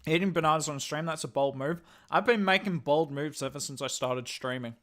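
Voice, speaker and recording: Bright, excitable Australian male streamer. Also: on the high side, fairly quick. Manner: excitable play-by-play, chatty asides to chat. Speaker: live-stream game commentator. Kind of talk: live game commentary.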